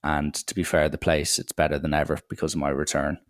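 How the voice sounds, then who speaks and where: A man's voice: extremely low pitch, flat delivery, quick pace, no echo, studio quality. A young man hosting a solo podcast, rambling through irreverent banter with plenty of swearing. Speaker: podcast host.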